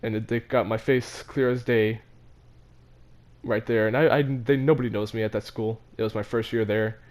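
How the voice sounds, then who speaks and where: A man's voice: fairly low pitch, steady tone, normal speed, a little mellow. A teenage boy casually telling a story from his own life, laughing between phrases and stumbling over his words. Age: teens. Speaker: vlogger.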